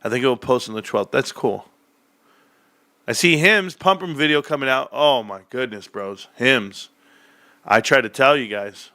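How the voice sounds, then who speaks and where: A man's voice: medium pitch, normal speed, sharp tone, dry recording. A man hosting a live stream, reading chat and ranting in a sarcastic, heated, emphatic way. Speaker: livestream host reading chat. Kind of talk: live-stream rant about stocks.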